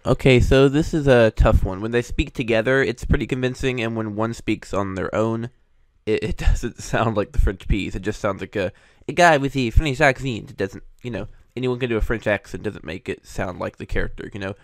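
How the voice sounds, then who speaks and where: A man's voice: on the low side, moderate pace, dry recording. A man hosting, giving casual, hedging commentary on cartoon voice recasts, with frequent fillers. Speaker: host reviewing voice recasts.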